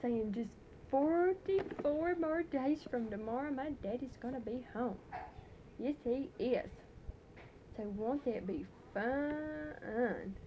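A woman's voice: high-pitched, animated, slow pace, muffled recording, noisy background. A woman talking baby talk to her infant in a coaxing, playful sing-song, speaking into a handheld tape recorder microphone at home. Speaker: mother recording a tape for her away husband.

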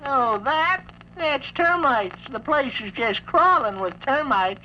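A woman's voice: high-pitched, expressive, takes it slowly. A woman voicing a sly male wolf putting on a frail old granny voice, with a slangy, drawling, evasive way of wisecracking on a comic storybook record. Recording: dull lo-fi vintage record with faint hiss.

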